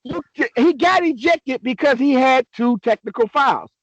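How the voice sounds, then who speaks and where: A young man on a casual sports podcast, ranting excitably and swearing a lot. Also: very high voice, normal speed, no room sound, lo-fi sound. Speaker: podcast co-host.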